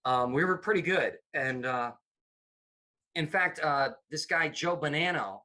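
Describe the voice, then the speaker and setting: A slightly high voice, a little slow, belongs to a middle-aged US comedy producer telling casual stories in an interview. He's animated throughout, putting on the voices of the people he quotes.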